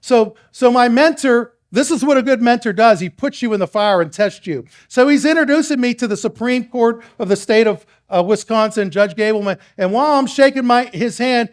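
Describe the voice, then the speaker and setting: A man's voice: very high voice, moderate pace, few pauses. A man speaking to a live audience, telling rambling stories, acting out exchanges with others, and putting questions to the crowd. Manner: storytelling, acts out quoted exchanges; rambling with restarts, addresses the crowd. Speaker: speaker at a public meeting.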